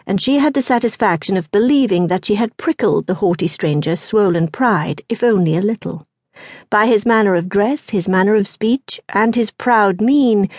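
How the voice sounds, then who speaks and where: In this studio-quality audiobook clip with no room sound, a woman with a mid-range voice narrates from a script. Her storytelling is expressive yet measured.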